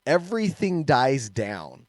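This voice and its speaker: A man co-hosting a casual podcast, an animated storyteller who laughs often and trails off and restarts. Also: mid-range voice, slow, dry recording. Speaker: podcast co-host, martial arts instructor.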